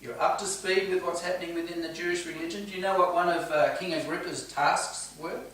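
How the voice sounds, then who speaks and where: A man's voice: sits high, fairly even intonation, a little fast, fairly bright tone. A man leading a home church Bible study, earnest and questioning the group as he teaches. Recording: echoey room, distant mic, faint ambience.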